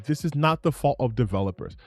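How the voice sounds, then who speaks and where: A man's voice: medium pitch, expressive, fast talker, darkish tone, dry recording, soft background music. A man giving heated, profane reaction commentary on gaming news, ranting and repeating himself for emphasis.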